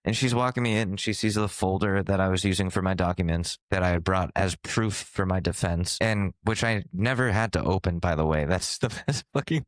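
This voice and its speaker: Young man telling a story, swearing and animated. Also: low-pitched, a little fast, few pauses, no echo. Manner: animated, swearing, laughing through his story. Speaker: podcast co-host. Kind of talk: casual storytelling chat.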